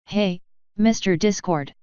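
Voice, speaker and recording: A woman's voice: medium pitch, takes it slowly, darkish tone, smooth, no echo, highs cut off, close to an everyday voice. A woman voicing an earnest young male pony who is smitten and eager.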